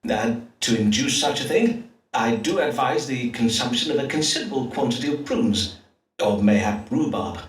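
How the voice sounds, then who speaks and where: An actor voicing an Elizabethan astrologer-doctor who speaks in measured, formal old-fashioned phrases with hesitant fillers, in a game. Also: male voice, mid-range voice, lively intonation, close to an everyday voice. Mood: grave. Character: Elizabethan astrologer-doctor, pompous yet awkward. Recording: distant roomy game audio.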